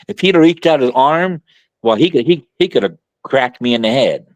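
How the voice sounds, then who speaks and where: Lively-voiced man telling a story. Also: mid-range voice, normal speed, dry recording. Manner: animated, colloquial, frequent restarts, acts out quoted voices. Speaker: guest author. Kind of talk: casual storytelling in conversation.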